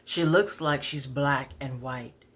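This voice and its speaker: A woman's voice: a bass voice, slow, a bit bright. A woman poet reading her bus stories aloud, conversational with wry asides. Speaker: poet, storyteller. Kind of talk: spoken-word story reading.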